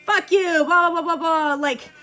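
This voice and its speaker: A hysterical young man wails and sobs in a shrill, strained voice, put on by a woman. He sounds desperate and unhinged, piling on guilt. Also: steady tone, a little slow, bright, forceful tone, soft background music, exaggerated voice. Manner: shrill wailing guilt trip. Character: sobbing, raging young man pleading desperately.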